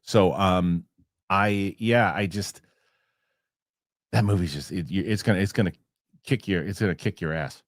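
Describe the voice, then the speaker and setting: A man's voice: sits low, measured pace, long pauses, no echo, studio quality. A man hosting a casual movie chat show, talking. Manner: rambling with many restarts. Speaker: host.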